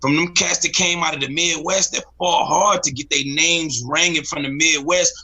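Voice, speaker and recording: A man's voice: fairly high pitch, fairly even intonation, normal speed, bright, forceful tone. A man co-hosting a casual podcast chat who makes his points emphatically, repeating words as he builds up.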